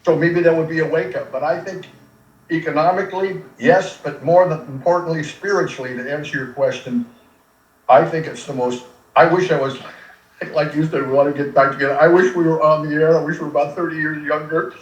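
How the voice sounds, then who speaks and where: An older man, a radio veteran, talks in an animated and earnest way, sometimes close to tears. His voice sits a little high. The sound is roomy and reverberant, recorded from a distance. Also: a little fast. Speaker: radio personality guest. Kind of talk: conversational interview, storytelling. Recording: echoey room, distant from mic.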